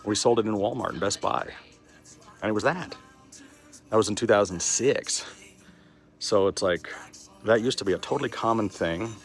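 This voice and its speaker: This middle-aged Texan vlogger walks around while talking candidly, swearing plenty in a casual way. His voice sits on the low side at a normal speed with frequent pauses. Soft music plays in the background and a dog barks.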